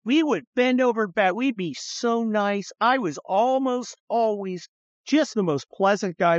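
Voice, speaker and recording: A middle-aged man hosting a podcast, telling stories in a profane, animated way and acting out the people he quotes. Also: high-pitched, a little slow, dry recording. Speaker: podcast host. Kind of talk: casual storytelling chat. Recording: slightly dull, dry studio sound.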